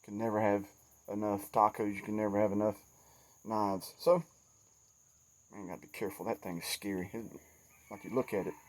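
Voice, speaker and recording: A man's voice: fairly low pitch, steady tone, brisk, long pauses. Folksy Southern man chatting outdoors. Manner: folksy, chatty, self-deprecating. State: sweaty and shaky after yard work. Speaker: outdoors vlogger. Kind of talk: casual outdoor vlog. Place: outdoors by a trail in woods. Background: insects and crickets.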